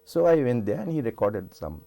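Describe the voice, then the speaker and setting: An older singer with a Sri Lankan English accent tells rambling stories with many restarts during a casual television studio interview. His mid-range voice is gravelly and dark-toned, and he speaks very animatedly and fairly quickly.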